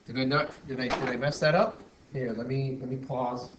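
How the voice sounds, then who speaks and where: In a lo-fi recording with roomy echo and faint background noise, a male math teacher talks through a screen-recorded lesson. His medium-pitched voice stays steady at a moderate pace as he goes step by step, with frequent restarts and self-corrections.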